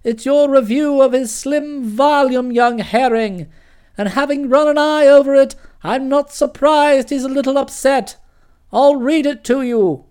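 A woman voicing a forthright older aunt who speaks in a brisk, emphatic way in a storybook. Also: high-pitched, darkish tone.

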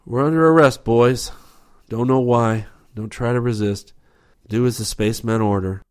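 A man's voice: fairly low pitch, fairly even intonation, normal speed, no room sound, studio quality, lightly acted. A man voicing a wounded young space officer who speaks in tired, clipped commands. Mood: shouting.

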